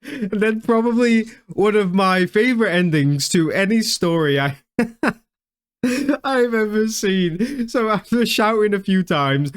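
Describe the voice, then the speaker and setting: A young man doing comedic reaction commentary, mocking and laughing often, with stammers and restarts. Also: high voice. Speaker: video commentator.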